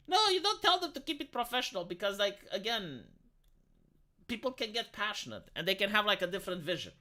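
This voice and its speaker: A streamer talking casually on a live stream, blunt and profane, with a bright, edgy tone. The pitch jumps all over as they rant and restart sentences. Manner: self-interrupting, repeats words. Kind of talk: casual livestream chat.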